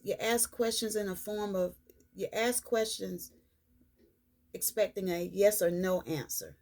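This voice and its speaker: A woman reads oracle cards for her viewers in an unhurried, drawn-out way, leaning on the same reassuring phrases again and again. Her voice has a gravelly, creaky edge, and her pitch sits in an ordinary middle range. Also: darkish tone. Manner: slow, repetitive, reassuring delivery. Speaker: spiritual card reader. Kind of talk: tarot-style card reading vlog.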